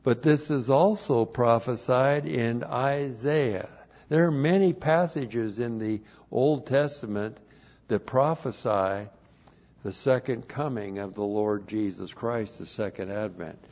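Slow, emphatic male preacher. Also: medium pitch, muffled recording. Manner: emphatic, rising loud on key phrases, slowing to stress words. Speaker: pastor. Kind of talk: expository sermon.

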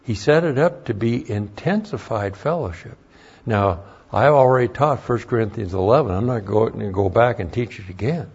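A man teaching a Bible class as a pastor, deliberate and emphatic, pressing on key words in sermon style. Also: fairly low pitch, lively intonation, vocal fry, a little mellow, breathy edge, highs cut off.

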